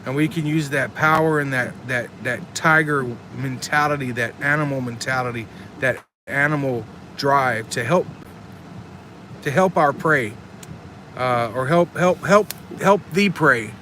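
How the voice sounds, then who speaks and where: A man's voice: medium pitch, unhurried, sharp tone, a little hiss or hum. A man chatting casually on a live stream, earnest and rambling, reading chat comments aloud. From Texas.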